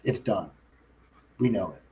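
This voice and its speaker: A man's voice: lowish voice, expressive, a little slow, mellow, a little hiss or hum, rough recording. Rambling man talking shop. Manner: rambling, frequent restarts and self-corrections. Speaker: guest. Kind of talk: casual chat.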